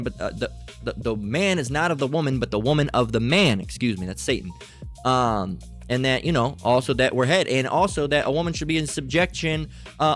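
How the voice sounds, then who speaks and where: A man delivers a rambling, preachy religious monologue. He keeps stumbling over fillers and restarts as he reads definitions aloud. Faint music plays underneath. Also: medium pitch. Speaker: religious commentator. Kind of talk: unscripted monologue reading definitions.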